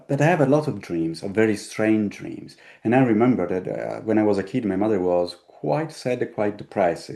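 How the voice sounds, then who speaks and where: An Italian-accented man who tells a personal story at a conversational pace, breaking off and restarting his phrases. His voice is fairly low and sits dark and mellow rather than bright. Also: vocal fry. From Italy. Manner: halting, with frequent restarts. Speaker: host.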